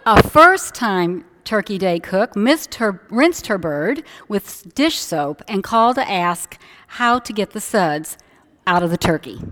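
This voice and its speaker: A woman's voice: mid-range voice, expressive, a little slow, a bit bright, a little hiss or hum. An older woman pastor giving a casual, joking sermon to her congregation in a church sanctuary. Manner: chatty, joking asides to the congregation.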